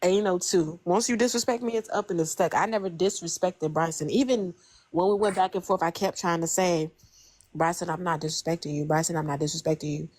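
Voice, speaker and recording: A woman's voice: lowish voice, fairly even intonation, fairly quick, darkish tone. A woman on a livestream panel speaking in casual chat, heated and emphatic with lots of cursing.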